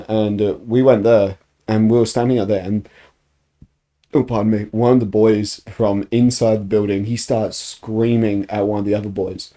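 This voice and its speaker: A young Australian man speaks in relaxed, casual podcast talk. His voice sits a little low and sounds mellow and warm. He spins anecdotes with a lot of swearing and a lot of energy. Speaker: podcast co-host. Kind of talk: casual chat, storytelling.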